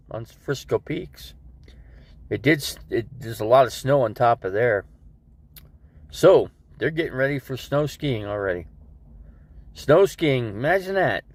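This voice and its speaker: A man's voice: medium pitch, no echo. A man with a stuffed-up nose, rambling casually to his viewers on a live stream about his day. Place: living in an RV.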